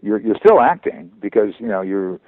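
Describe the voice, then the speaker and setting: A veteran voice actor talking in a phone interview, halting and repeating words as he goes. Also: on the low side, sing-song, no echo. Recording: tinny phone line.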